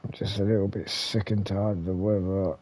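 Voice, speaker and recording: A man's voice: deep voice, level tone, fairly quick, a little mellow. A man with an English accent, hosting a retro gaming channel, rambling casually with mild swearing and lots of fillers and restarts.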